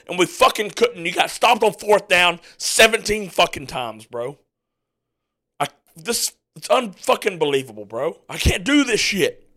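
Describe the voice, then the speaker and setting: A man ranting angrily as a sports fan podcaster, swearing constantly and breaking into yelled outbursts. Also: high-pitched. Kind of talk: angry profane rant while watching a game.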